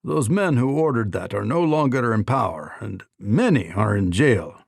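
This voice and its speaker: A man voicing a stiff older foreign minister with a heavy Russian accent, speaking in a slow, guarded and evasive way. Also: mid-range voice, expressive, vocal fry, dry recording, studio quality.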